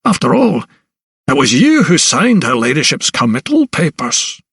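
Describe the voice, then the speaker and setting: A man's voice: huge pitch swings, normal speed, gravelly, fairly bright tone, slightly rough, dry recording, full character voice. A haughty elderly asylum principal, as a male audiobook narrator puts him on, talking down to his visitor in a lifted, condescending tone. The voice is dry and close, with no room around it. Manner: condescending, pitched higher.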